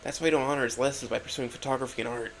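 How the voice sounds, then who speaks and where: A man's voice: mid-range voice, fairly even intonation, racing, a little hiss or hum, natural voice. A man voicing a scornful clawed young woman. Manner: contemptuous, dismissive.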